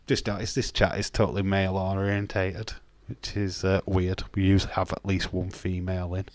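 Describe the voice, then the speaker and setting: A man's voice: low voice, little pitch movement, normal speed, no echo. A man with a Yorkshire accent hosting a live stream, chatting casually and bluntly, swearing freely and restarting his sentences. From Castleford, Yorkshire, England. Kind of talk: casual watch-along chat reading viewer comments.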